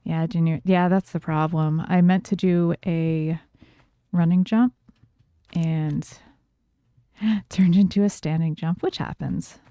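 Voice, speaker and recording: A woman's voice: lowish voice, steady tone, takes it slowly, pauses often, warm tone, smooth, no echo, studio quality. A woman with a New York accent chatting loosely while streaming a game, with lots of fillers. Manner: chatty, loose, filler-heavy, laughs easily. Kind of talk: casual gameplay streaming chat.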